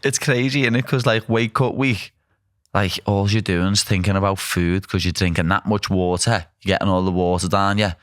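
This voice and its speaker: Liverpool guy hosting, really low voice, dry sound, blunt and chatty. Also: steady tone, normal speed, no echo. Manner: blunt, chatty, self-deprecating. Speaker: podcast host. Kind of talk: casual chat.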